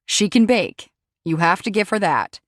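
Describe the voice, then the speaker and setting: A woman's voice: medium pitch, lively intonation, normal speed, no room sound, clean studio sound, lightly acted. A woman reading the lines of a cocky young man who teases his girlfriend, in a storybook reading. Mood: admiring. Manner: teasing, playful.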